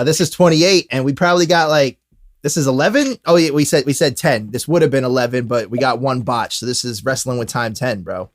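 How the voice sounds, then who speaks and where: A laid-back man hosting a casual podcast, swearing and chatting loosely. His voice moves through a lively, animated pitch range. The sound is dry and close to the mic. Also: no echo. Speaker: podcast host.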